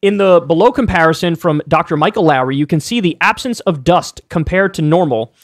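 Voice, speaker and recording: A man reading an article aloud and commenting on it in a measured, explanatory way. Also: a little high, no echo, clean studio sound. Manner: measured, explanatory, reads aloud and then remarks on it.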